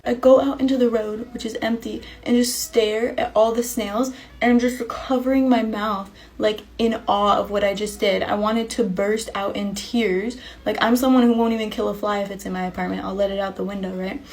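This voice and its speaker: A woman dramatically retelling a personal story in an animated way. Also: mid-range voice, moderate pace, hardly any pauses. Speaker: storyteller in a social media clip.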